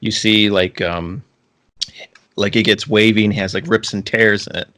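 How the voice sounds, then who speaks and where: A man with a fairly low voice talks loosely as a podcast co-host. He wanders through his points, restarting sentences and leaning on filler words. The tone is relaxed, casual chat. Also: normal speed. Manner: rambling, many restarts and "like" fillers.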